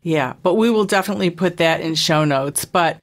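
Low-voiced woman podcast host. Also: a little fast. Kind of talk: casual interview conversation.

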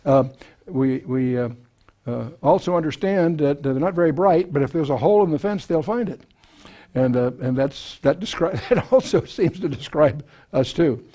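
Here a man with a slightly high, warm voice teaches scripture verse by verse to a live crowd at a moderate pace. He talks conversationally, mixing in folksy, self-deprecating asides along with plenty of fillers and restarts.

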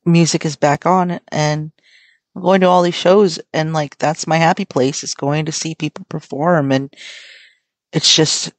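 A woman's voice: deep voice, fairly even intonation, unhurried, no room sound. A young adult American woman hosting her own podcast, talking in a rambling, frank, swear-heavy casual way. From United States. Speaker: podcast host. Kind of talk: casual solo podcast chat.

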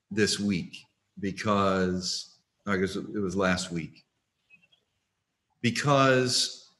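Pastor guy, slow and thoughtful, lowish voice. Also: fairly bright tone. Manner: measured, reflective. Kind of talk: conversation.

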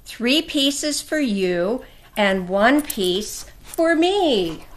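A woman voicing a sly, easygoing dog while reading a storybook aloud, slow and agreeable. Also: a little high, very animated, exaggerated voice.

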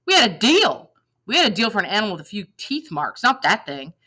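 A woman's voice: fairly low pitch, animated, quick pace, bright, forceful tone. A woman reading a novel aloud, voicing a blunt male goat seller who gets indignant at a bad deal.

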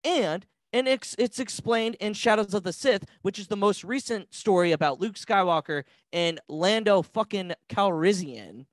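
A man's voice: high voice, normal speed, hardly any pauses, dry recording. Brief: male podcast guest, heated and profane, dry close mic. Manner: passionate, ranting, profane. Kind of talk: casual podcast chat.

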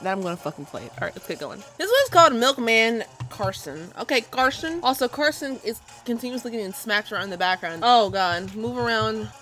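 A young woman commentating her gameplay with loud, excitable, cursing reactions and squeals. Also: sits high. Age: young adult. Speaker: gaming video host.

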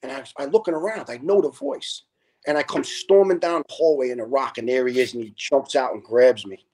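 A middle-aged man, a retired fire lieutenant guesting on a podcast, telling stories in a casual, animated way, acting out dialogue and swearing freely. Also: mid-range voice, a little fast. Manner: animated, profane storyteller who acts out dialogue. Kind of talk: casual storytelling.

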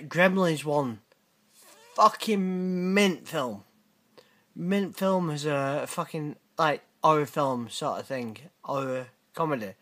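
A middle-aged British man hosts a casual reaction video, responding to viewer messages with blunt, sweary, teasing banter. His voice is a little high and a bit bright, and he speaks slowly.

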